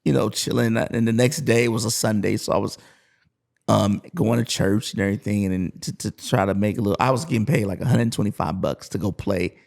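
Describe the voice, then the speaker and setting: A man guesting on a podcast, telling a story in a lively way and acting out the other people's voices. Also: fairly low pitch, a little fast, gravelly. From USA. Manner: animated storyteller, acts out voices in his anecdotes. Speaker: guest musician. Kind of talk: casual storytelling interview.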